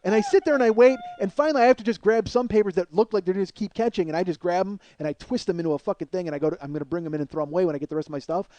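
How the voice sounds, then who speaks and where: A high-pitched middle-aged man recounts a wild story in a solo podcast monologue. He swears constantly and throws himself into the quoted lines. The sound is dry and close, with no room around him. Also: rapid-fire, few pauses, no room sound. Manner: profane, heated, acts out quotes loudly. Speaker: podcast host telling a personal story.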